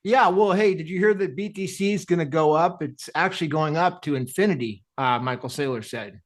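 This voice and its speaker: High-voiced man, jokey host. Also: fairly quick. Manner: laughing, loose and jokey, says "dude" a lot. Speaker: host of a live audio chat. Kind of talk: casual chat.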